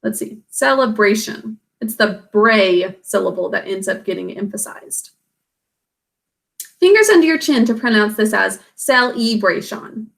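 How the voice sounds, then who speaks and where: A woman's voice: mid-range voice, expressive, unhurried, creaky. A woman teacher giving a recorded spelling lesson, patiently sounding out words letter by letter and syllable by syllable.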